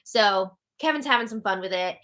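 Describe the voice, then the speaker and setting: A woman's voice: medium pitch, lively intonation, normal speed, a bit bright. A young woman hosting a casual live update show, chatty and tired, laughing often as she recaps. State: tired, yawning. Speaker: host.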